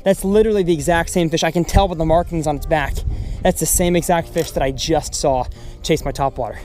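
Young guy fishing on a river, super excitable, keeps repeating himself, faint music behind. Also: a little high, brisk. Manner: excitable, exclaims and repeats phrases. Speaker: fishing vlogger. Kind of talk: excited fishing vlog commentary. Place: outdoors on a river.

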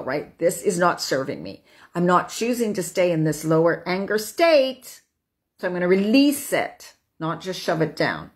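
Chatty woman with a low voice. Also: big pitch swings, normal speed. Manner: chatty, frequent "right?", laughs while talking. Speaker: host. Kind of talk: casual self-help talk to camera.

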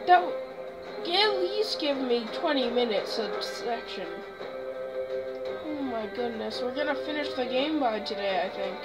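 Chatty young woman with a slightly high voice doing gaming commentary, loud game music under her. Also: animated, measured pace, rough recording. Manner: chatty and exclamatory. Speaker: gaming video host.

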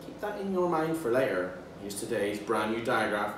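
Male teacher, animated children's phonics lesson, recorded from a distance, faint hiss. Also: on the low side. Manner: playful, animated, slow and drawn out for young learners. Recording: echoey room, mic at a distance, faint background noise.

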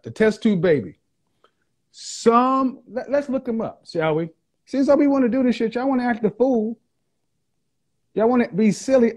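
A man with a high-pitched voice hosts a casual livestream. He reads comments from his viewers aloud and answers them with mocking sarcasm. He hammers home his jokes by repeating them. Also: darkish tone. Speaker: livestream host.

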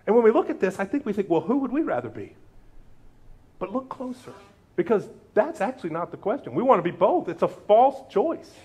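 A man's voice: fairly quick, breathy edge. A man preaching a sermon as pastor, acting out quotes with big jumps in his voice. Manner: animated, acts out quotes with big pitch jumps.

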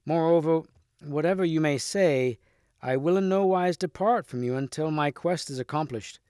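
A man reading as a gentle, steadfast young knight. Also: fairly high pitch, moderate pace, clean tone, no room sound, studio quality, pitched above the performer's own voice, lightly acted. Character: brave, courteous young knight.

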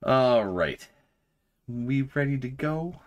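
A woman's voice: rumbling low, animated, slow pace, a little hiss or hum. A woman hosting a game livestream, chatting casually and narrating what she clicks. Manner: laid-back, narrating game menus. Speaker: streamer host.

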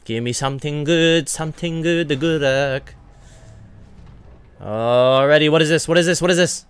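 Man, gaming channel host, casual commentary, excitable, profane, smooth clear voice, dry close sound. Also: a little high, moderate pace, no room sound. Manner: excitable, swears casually, talks to the enemy. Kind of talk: live gameplay commentary.

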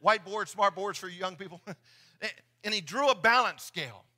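A man's voice: sits high, lively intonation, brisk, sharp tone. A middle-aged man preaching a sermon in church, earnest and often repeating his words as he talks. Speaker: pastor. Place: church sanctuary.

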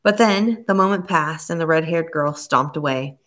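A woman narrating a novel as an audiobook, reading in a steady, measured way. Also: low voice. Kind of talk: scripted narration.

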